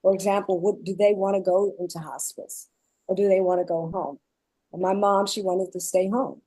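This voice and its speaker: A woman guest on a panel, explaining her caregiving experience in earnest, measured phrases. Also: medium pitch, steady tone, mellow, dry recording, poor audio. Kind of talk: panel discussion.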